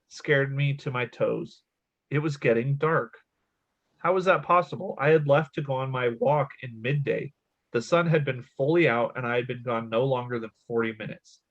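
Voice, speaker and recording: A man's voice: mid-range voice, a bit bright, muffled recording. A man in his thirties hosting a casual podcast, reading a creepy story aloud between laughs and swearing. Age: 30s. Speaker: podcast host.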